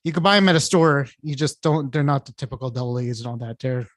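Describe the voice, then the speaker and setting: A man's voice: medium pitch, quick pace, a bit bright, dry recording, clean studio sound. A man co-hosting a podcast, telling rambling anecdotes with restarts and laughter. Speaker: podcast co-host. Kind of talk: casual chat.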